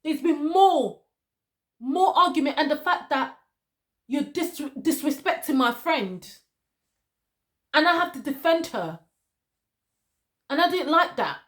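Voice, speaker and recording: A woman's voice: high-pitched, expressive, takes it slowly, long pauses, a bit bright. A woman reviewing a reality dating show, lecturing one cast member directly and repeating her points for emphasis.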